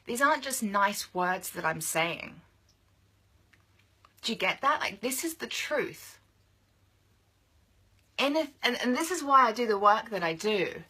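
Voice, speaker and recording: A woman's voice: fairly high pitch, very animated, unhurried, long pauses, pushed and bright, breathy edge. A young adult woman coaching other women in a passionate, emphatic motivational monologue, repeating phrases for force.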